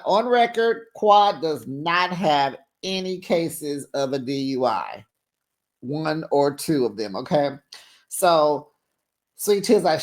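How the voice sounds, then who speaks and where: A woman's voice: low voice, a little mellow. A woman hosting a reality TV recap channel, talking in a sassy, gossipy, casual way. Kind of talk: casual chatty recap commentary.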